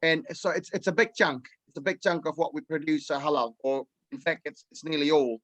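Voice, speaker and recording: A farmer from New Zealand, a male interview guest, talks in halting phrases full of fillers and restarts. His voice sits a touch higher than most men's. The recording is close and dry. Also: fairly even intonation, a bit bright, no room sound. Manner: hesitant, many fillers and restarts. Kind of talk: casual interview.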